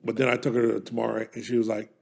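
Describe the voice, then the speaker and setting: A man's voice: mid-range voice, little pitch movement, racing, vocal fry. A man co-hosting a podcast in casual chat, emphatic and swearing a lot. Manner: profane, emphatic, trails off quietly. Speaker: podcast co-host.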